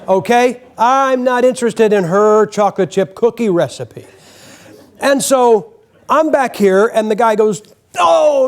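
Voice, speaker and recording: A man's voice: high-pitched, darkish tone. An older man preaching a folksy, joking sermon in a church, acting out quotes as he goes. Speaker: guest preacher. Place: church sanctuary.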